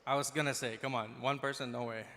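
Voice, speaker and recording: A man from Dubai doing a stand-up comedy set, talking quickly and slipping into put-on accents, recorded live in a large hall. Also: mid-range voice, fairly even intonation, bright, forceful tone.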